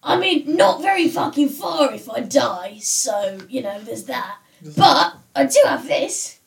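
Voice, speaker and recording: A woman talking casually as a player in a tabletop game. Her voice is high and very lively, and she is blunt, swearing freely. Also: unhurried, vocal fry, reverberant, recorded from a distance.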